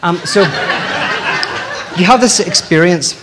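A middle-aged man giving a public lecture in a lively, joking way, often restarting his sentences. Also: sits high, takes it slowly, a crowd in the background, background noise. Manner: animated, joking, many restarts.

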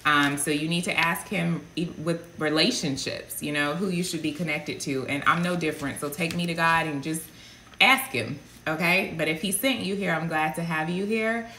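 Woman preacher, low sharp tone, chatty and rambling, echoey room. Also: normal speed, slight background noise. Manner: chatty, digressive, talks straight to viewers. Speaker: prophetic minister. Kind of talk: casual sermon to online followers.

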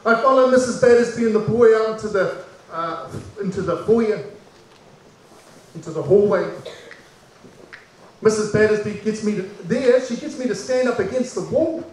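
A man performing a personal story aloud, dramatic and full of pauses, acting out the people in it. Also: high voice. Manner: dramatic, acts out voices and pauses. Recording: echoey room from far off with faint background noise.

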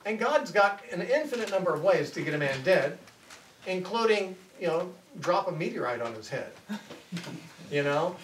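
A man's voice: sits high, a bit bright. Conversational male Bible teacher, echoey hall. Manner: conversational, corrects himself mid-sentence. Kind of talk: lecture retelling a scripture story. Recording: echoey room, voice from far off, faint noise.

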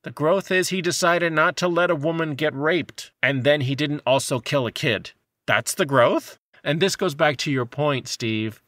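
A man co-hosts a movie review podcast with a bright, forward voice. He talks in an animated, sarcastic way and keeps slipping into mocking voices for the characters. The sound is dry and close. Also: on the high side, normal speed, few pauses, no echo. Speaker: podcast co-host. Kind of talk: casual movie review chat.

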